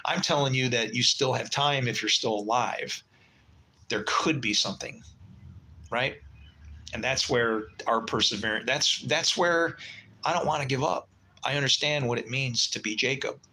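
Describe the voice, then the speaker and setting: A man's voice: medium pitch, moderate pace, bright, forceful tone, a little hiss or hum, low-quality recording. A man in his sixties hosting a casual livestream, telling long rambling stories in a blunt, swearing way and muttering asides. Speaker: livestream host.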